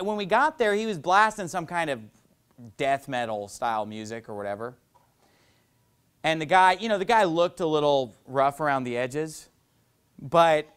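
A man's voice: fairly high pitch, a bit bright, smooth. A middle-aged male pastor preaching a sermon, telling stories in a loose, conversational way with lots of "you know".

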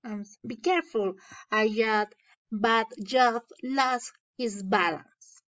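A woman teacher reads a children's story aloud and translates the key words. She speaks slowly in a slightly high voice. The recording sounds dull and lo-fi, like a home lesson video. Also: a bit bright. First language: Spanish. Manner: slow, explaining and translating into Spanish.

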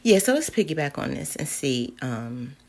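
A woman reviewing candles in a casual vlog, slangy and dramatic, cussing and swinging from mutters to loud outbursts. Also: low-pitched, big pitch swings, moderate pace, gravelly.

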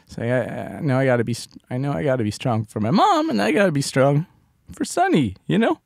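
Gravelly man telling a heartfelt story. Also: medium pitch, sing-song, no room sound, clean studio sound. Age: adult parent of a small child. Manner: halting, restarts sentences, drops to soft tones. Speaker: podcast co-host. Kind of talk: emotional personal storytelling.

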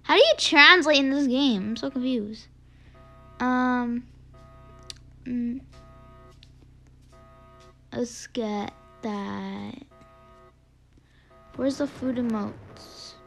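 A high, bright woman's voice talks slowly through a game, excitable and chatty. She gasps often and slips into quick whispered asides between her remarks. The sound is sharp and a little tense. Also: vocal fry, soft background music. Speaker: gaming video creator. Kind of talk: gameplay commentary.

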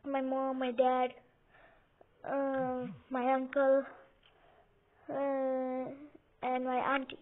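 Young woman, high and unhurried, giggly rambling game commentary, lo-fi phone-quality sound. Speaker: gaming video host. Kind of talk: casual gameplay commentary. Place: home, lying on a couch. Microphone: phone or computer mic, sometimes covered by her hand. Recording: tinny phone-like audio with faint hiss.

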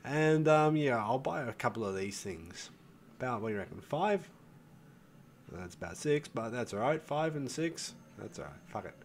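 A man's voice: mid-range voice, expressive, moderate pace, a little hiss or hum. An older man hosting a gaming video, chatting casually and thinking aloud as he plays, swearing freely and calling his viewers folks. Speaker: gaming channel host. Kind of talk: casual gameplay commentary.

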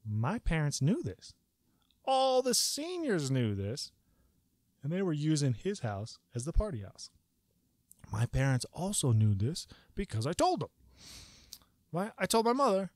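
A man tells a personal story casually, rambling and swearing freely. His voice swings widely in pitch as he gets worked up. The sound is dry and close, with no room echo. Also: unhurried, long pauses. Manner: animated, profane, rambling with many "like"s.

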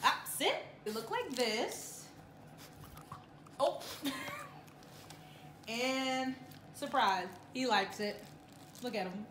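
A woman gushes to her dog in slow, sing-song baby talk that swoops high and low. Her voice sits a little high. The sound is roomy and echoey, with steady noise behind it. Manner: cooing baby talk to a dog, often laughing. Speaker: vlogger. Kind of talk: casual vlog talking to a pet.

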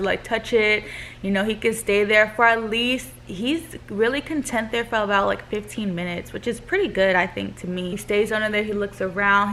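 A woman's voice: mid-range voice, fairly bright tone, slight background noise. A young woman, a new mother, chatting casually to camera with many "like" fillers.

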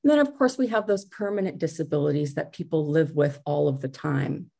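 A woman's voice: sits low, a little fast, vocal fry, dark tone, breathy edge. A middle-aged woman giving a conference talk over a video call, speaking conversationally with fillers and restarts.

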